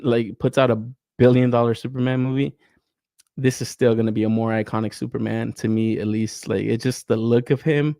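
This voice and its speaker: A man's voice: medium pitch, darkish tone, no room sound, clean studio sound. A young man hosting a podcast, ranting casually to his chat, rambling, swearing and laughing as he gets worked up. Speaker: podcast host. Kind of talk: casual profane rant to a live chat.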